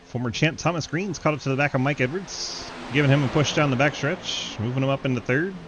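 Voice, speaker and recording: A male commentator calls an online race live, quick with jokes and frequent laughter. His voice sits at an ordinary middle pitch and lifts when wrecks pile up. A faint hum runs under him. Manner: jokey, laughs often, excitable on wrecks. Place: home setup, online sim race broadcast.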